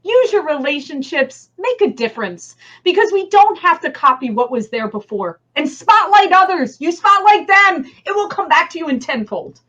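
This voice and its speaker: A woman with a New Jersey accent, a guest in a casual interview over a video call, enthusiastic and quick to laugh. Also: extremely high pitch, big pitch swings, fairly bright tone, dull audio.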